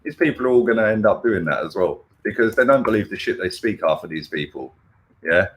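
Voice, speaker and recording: A man's voice: on the low side, lively intonation, brisk, fairly bright tone. An angry man hosting a heated football chat, swearing and constantly tagging "yeah? right?" onto his points. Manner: ranting, swears, keeps asking "yeah? right?". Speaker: football fan channel host.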